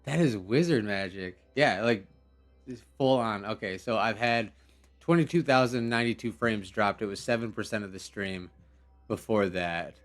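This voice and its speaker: A young man with a fairly low voice, speaking at normal speed, hosts a game live stream. He's laid-back and rambling, using slang and laughing as he reacts, with faint background music playing.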